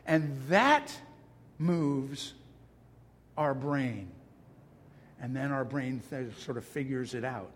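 A man's voice: medium pitch, lively intonation, slow pace, pauses often, a little hiss or hum. A male pastor delivering a sermon, passionate and emphatic, with self-deprecating asides. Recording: long hall reverb.

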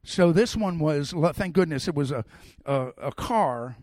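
Middle-aged guy preaching, lively storyteller, kinda high voice, dry sound. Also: unhurried, no room sound. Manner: animated storyteller, swings from loud to soft. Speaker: pastor. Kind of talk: sermon with personal stories.

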